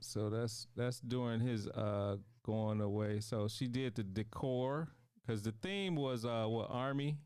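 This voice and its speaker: A man hosting a casual talk show interview, playful and animated, laughing often and talking straight to his viewers. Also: medium pitch, measured pace, clean tone, no echo, studio quality.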